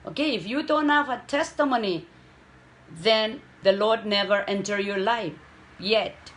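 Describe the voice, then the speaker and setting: A woman preaches. She takes her time, pressing on key words and pausing to check in with her listeners. Her delivery is unhurried and earnest. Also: mid-range voice, slight background noise. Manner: slow, emphatic preaching with frequent "okay?" checks. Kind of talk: sermon.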